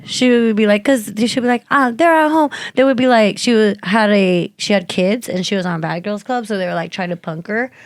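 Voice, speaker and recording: A woman's voice: mid-range voice, a little fast, hardly any pauses, dry recording, studio quality. A woman co-hosting a casual podcast, joking and giggling as she talks. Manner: jokey, giggly. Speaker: podcast co-host. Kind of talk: casual chat.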